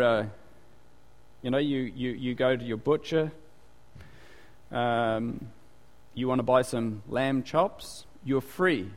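Conversational preacher man in a reverberant hall. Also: mid-range voice. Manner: conversational, many asides and rhetorical questions. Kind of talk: sermon.

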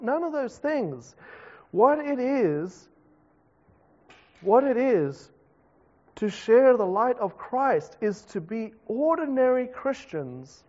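A South African man preaches in a relaxed, conversational way, breaking into self-deprecating asides. His voice sits high for a man. The recording is muffled, with a long echo from a big hall. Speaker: pastor. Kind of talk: sermon. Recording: dull reverberant hall recording.

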